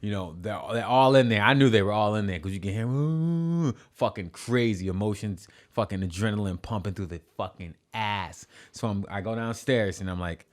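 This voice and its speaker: Guy with a lowish voice rambling thru a wild story, swearing a lot, restarting sentences, podcast guest. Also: brisk, hardly any pauses. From New York City. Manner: animated, profane, restarts often.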